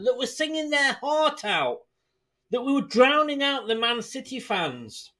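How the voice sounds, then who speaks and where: Brief: male fan-channel host from England, high-pitched, frustrated, sweary live-stream rant. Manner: frustrated, swearing, greets viewers.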